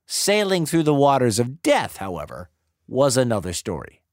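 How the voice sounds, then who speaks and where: A man narrating a myth as a story, in an expressive, dramatic way. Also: mid-range voice, moderate pace, dry recording. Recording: dry close sound with faint music.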